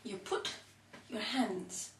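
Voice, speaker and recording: A woman demonstrates exercises at home and counts each repetition slowly while she moves. She sounds a little out of breath. Her voice comes from some distance away, in an echoey room. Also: mid-range voice, fairly bright tone, slight background noise. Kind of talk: counting through a workout demonstration. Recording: echoey room, mic far off.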